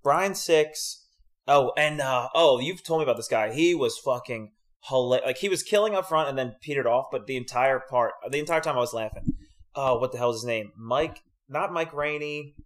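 A man's voice: mid-range voice, moderate pace. A young man in casual podcast chat, talking in an easy middle register. He tells stories with lots of energy, swears freely and laughs often. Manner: animated storyteller, swears a lot, laughs often. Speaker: podcast co-host.

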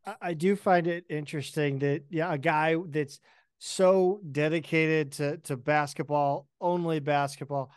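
A man's voice: fairly high pitch, fairly even intonation, a little slow, clear, resonant tone, no room sound, clean studio sound. A man hosting a podcast who asks questions in a casual, joking way. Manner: joking and chatty, laughs often. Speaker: podcast host. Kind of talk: casual interview chat.

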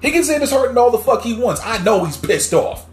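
A man's voice: very high-pitched, sing-song, a little fast. A man hosting a podcast, ranting heatedly about the news in blunt, short, swearing sentences. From New Jersey. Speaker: podcast host. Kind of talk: casual news commentary. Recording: echoey room with faint music.

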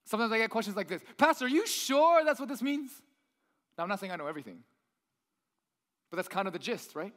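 A man's voice: high-pitched, big pitch swings, quick pace, long pauses, fairly bright tone, long reverb tail. A young man preaching as pastor in a casual, conversational sermon, now and then acting out a tempter's voice.

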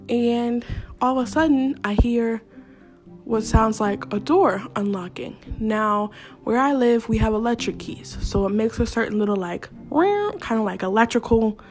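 Young woman podcast host, slightly high voice, casual profane storyteller, faint music bed. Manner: animated, profane, talks straight to listeners.

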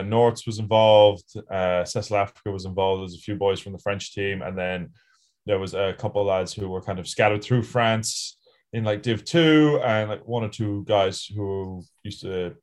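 A man co-hosting a casual podcast, telling rugby stories in a relaxed way with fillers and laughs. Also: lowish voice. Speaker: podcast co-host, rugby sevens player.

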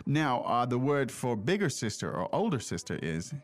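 A man's voice: mid-range voice, big pitch swings, normal speed. A middle-aged man hosting a casual language lesson podcast, explaining and prompting with questions, with many fillers. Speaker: podcast host and teacher.

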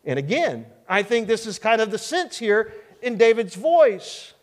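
A male pastor preaching a sermon in an earnest, emphatic way with dramatic pauses. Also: high voice, big pitch swings. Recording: long hall reverb.

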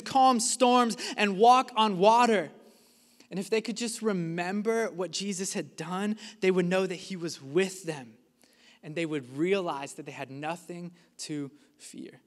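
Man, pastor, sermon, impassioned, high-pitched, bright, long hall reverb. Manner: impassioned preaching, acted-out quotes, builds to shouts.

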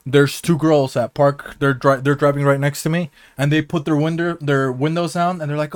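A man's voice: a little high, fairly even intonation, normal speed, hardly any pauses, clean tone, no room sound. A young man co-hosting a podcast, telling rambling, profane stories in casual chat and often laughing at them. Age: young adult. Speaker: podcast co-host.

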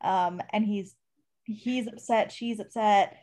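A woman's voice: medium pitch, fairly even intonation, slow, mellow. A woman co-hosting a casual book discussion, talking expressively and laughing often. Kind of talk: casual chat.

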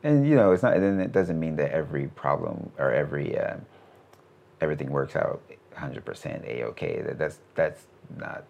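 A man in his thirties answering interview questions in a relaxed, rambling way, with many fillers and restarts. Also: a bass voice, normal speed, vocal fry, slight background noise. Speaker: animation studio CEO, interview guest.

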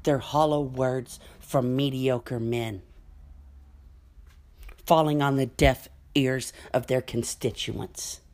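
A woman with a low voice rants to camera in fury, swearing freely and spitting scorn. She speaks in slow, heavy phrases that land like verdicts, and each accusation comes out sharp and cutting. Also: steady tone. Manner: furious, profane, cutting. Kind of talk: angry political rant to camera.

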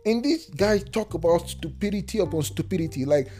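A man rants through a solo podcast in loose, slang-heavy talk. His voice is mellow and dark, and it swings between heated outbursts and quiet, low murmurs. Faint music sits behind him. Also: brisk. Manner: heated ranting that drops into calm murmurs; casual slang-heavy talk with filler restarts. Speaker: podcast host.

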